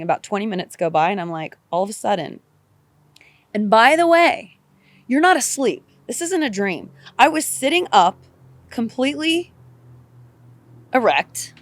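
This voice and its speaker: A woman podcast guest telling a personal story in an animated way, repeating phrases and swearing casually. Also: on the high side, normal speed, pauses often, no echo.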